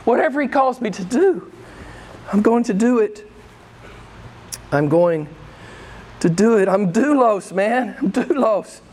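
A man's voice: high voice, expressive, slow pace, long pauses, a little mellow. A man preaching a sermon in a church, impassioned and emphatic, repeating his phrases. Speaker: pastor.

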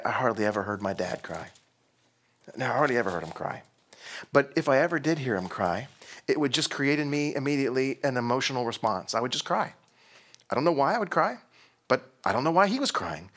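A man preaching with a husky, breathy edge to his voice. He delivers the sermon with real emotion, letting his voice rise for emphasis and then sink almost to a whisper. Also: mid-range voice, sing-song, moderate pace. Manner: emotional, swinging between loud and hushed. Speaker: pastor.

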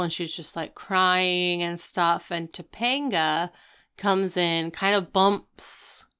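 Woman podcast co-host with a smooth, fairly low voice, wry and chatty. Good for casual recap talk. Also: a bit bright. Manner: chatty, wry, lots of "like" asides. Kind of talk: casual TV episode recap chat.

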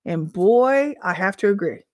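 A woman teacher and minister giving informal prophetic teaching in a conversational way, full of rhetorical questions and an occasional throat clearing. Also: mid-range voice, expressive, unhurried, darkish tone, no echo, clean studio sound.

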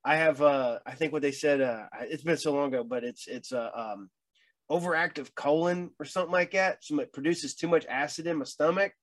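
A middle-aged man with a fairly high voice talks as a guest in a casual chat. He stumbles and repeats his words, adding dry, wry remarks. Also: fairly quick.

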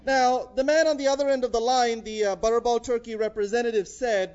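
High-voiced preacher, dull recording. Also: male voice, steady tone, a little fast, hardly any pauses, a little mellow, clean tone. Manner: conversational preaching with frequent "uh" fillers. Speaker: pastor. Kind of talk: sermon.

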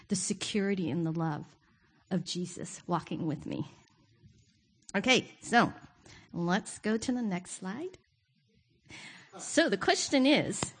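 A woman giving a sermon to her church, candid and self-deprecating, often laughing. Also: lowish voice. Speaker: guest preacher. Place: church sanctuary.

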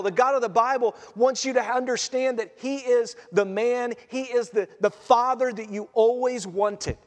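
A man preaching a sermon as pastor, conversational and animated, often acting out quotes. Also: very high-pitched. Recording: long hall reverb.

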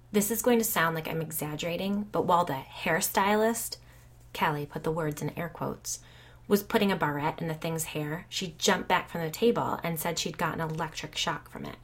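A blunt, well-off young mother who tells a story with casual swearing and a dry, sardonic edge, as a woman reader acts her. The voice sits low with a husky grain. It is an audiobook character who talks like she is spilling gossip over wine. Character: blunt, foul-mouthed wealthy young mother. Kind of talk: audiobook reading.

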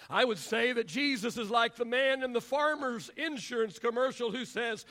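Pastor, male, high bright voice, sermon delivery with rhythmic repetition, sudden shouts and long pauses. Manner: preacher's cadence, repetitive and rising to shouts, drawn-out pauses.

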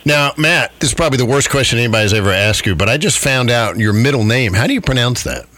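A man's voice: medium pitch, animated, fast, bright, forceful tone. A man hosting a radio show, chatty and jokey, laughing often as he talks with his guest. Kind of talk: casual radio interview.

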